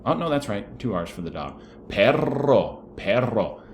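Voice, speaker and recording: A man's voice: lowish voice, big pitch swings, brisk, slight background noise. A man teaching a Spanish lesson to students, friendly and encouraging, reading vocabulary aloud and explaining an assignment. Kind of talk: recorded online lesson for students.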